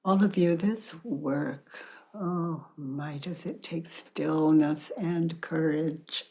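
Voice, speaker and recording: An older woman facilitating a self-inquiry session, calm and deliberate, often dropping to a whisper. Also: low voice, vocal fry, slightly rough. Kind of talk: slow guided inquiry dialogue.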